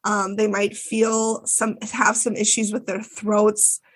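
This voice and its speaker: A woman's voice: mid-range voice, level tone, takes it slowly. A woman co-hosting a podcast, recapping a TV episode in casual, chatty talk with plenty of fillers and swearing. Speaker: podcast co-host.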